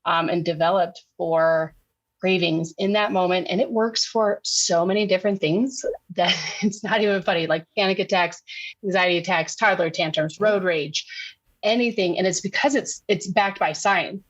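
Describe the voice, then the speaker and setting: A woman, a sugar detox coach, telling lively stories in a casual podcast interview and acting out what people said. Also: fairly low pitch, moderate pace, lo-fi sound. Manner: animated storytelling, acts out quotes.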